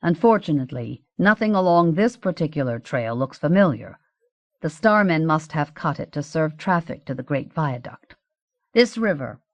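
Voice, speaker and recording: A woman's voice: sits low, no echo, highs cut off. A woman voicing a grave, formal older archduke in an audiobook. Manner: formal, explanatory. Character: grave older male archduke, anxious guide.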